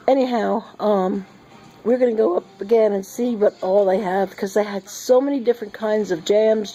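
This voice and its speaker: A woman's voice: medium pitch, warm tone, low-quality recording. Sick, giddy woman rambling. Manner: giddy and rambling, laughing often. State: sick and short of breath. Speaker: vlogger. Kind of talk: casual rambling monologue. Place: sitting at home.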